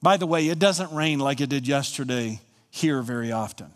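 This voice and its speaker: A man from Colorado preaching a sermon as pastor, emphatic and swinging from hushed lines to soaring ones. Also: medium pitch, lively intonation, normal speed, in a large hall.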